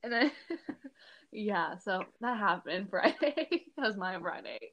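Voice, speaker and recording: A woman's voice: medium pitch, very animated, measured pace, fairly bright tone, lo-fi sound. A young woman co-hosting a podcast in casual chat, chatty and self-deprecating, laughing as she talks. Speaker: podcast co-host.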